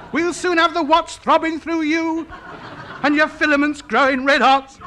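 A man's voice: on the high side, background noise. An actor playing a pompous, indignant male lodger who chatters about his radio hobby in a radio comedy.

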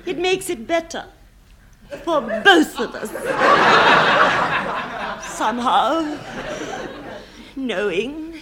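An actress playing a breathless romantic heroine in a comedy sketch, drawn-out and swooning. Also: female voice, high-pitched, animated, a loud crowd, full character voice. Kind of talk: parody melodrama acting. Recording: noisy live recording with audience.

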